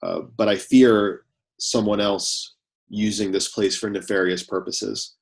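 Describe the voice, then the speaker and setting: Earnest low-voiced man playing a character. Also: level tone, measured pace, creaky. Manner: earnest, cautious. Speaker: player. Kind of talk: in-character tabletop play.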